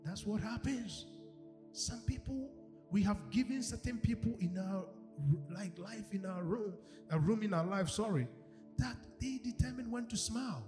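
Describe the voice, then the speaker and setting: A male pastor preaching a sermon, animated, acting out quoted voices and swinging from shouts to hushed tones. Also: sits high, moderate pace. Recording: echoey hall with music behind.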